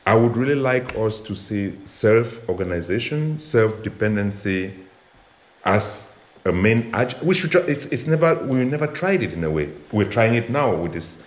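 A man's voice: on the low side, expressive, moderate pace, roomy sound. A man from Cameroon in a casual debate, earnest and searching for words with many hesitations. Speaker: activist in a discussion.

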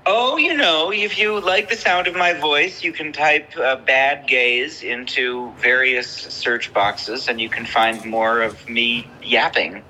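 A man's voice: medium pitch, slow pace, few pauses, pushed and bright, slight background noise, low-quality recording. Campy, theatrical man on a radio show. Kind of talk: casual radio chat.

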